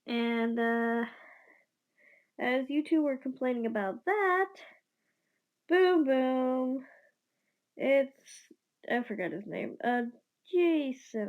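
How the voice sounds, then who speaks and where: A woman's voice: sits high, lively intonation, takes it slowly, pauses often. A young woman casually improvising a fan story, rambling and stumbling with many fillers and some whispered asides. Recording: dull lo-fi recording.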